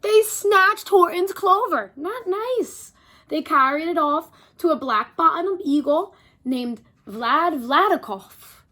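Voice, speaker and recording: A woman reading a picture book aloud to children, animated, and stopping to talk to her young listeners. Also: extremely high pitch, slow. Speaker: storyteller.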